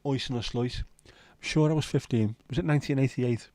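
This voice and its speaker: Chatting casually on his livestream, a fifty-something man cracks dry jokes and lets slip a swear now and then. His mid-range voice moves fairly quickly and has a darkish tone, with no room sound at all.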